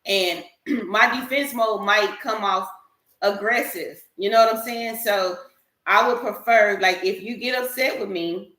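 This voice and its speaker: A woman's voice: mid-range voice, measured pace, sharp tone. Earnest woman in an echoey room. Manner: earnest, emphatic, explains at length. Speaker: panel guest. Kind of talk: candid group discussion.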